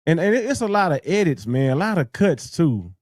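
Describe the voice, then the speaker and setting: A man's voice: a little high, sing-song, a little fast, a little mellow. A man hosting a reaction video, mocking the clip he watches and calling out its lies. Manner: mocking, scatting along; disbelieving, calls out lies. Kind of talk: reaction commentary.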